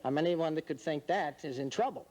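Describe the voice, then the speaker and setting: A man's voice: fairly high pitch, fairly quick, darkish tone. Wry, teasing male quiz-show host. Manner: wry, teasing, mock-serious. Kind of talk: joking quiz-show hosting. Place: in front of a studio audience.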